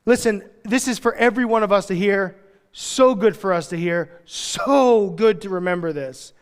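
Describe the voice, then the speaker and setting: A man with a fairly high voice preaches a sermon, loose and joking, tossing in slangy asides as he goes. His voice rings out with a long reverb through a church hall. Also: moderate pace, clean tone. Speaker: pastor.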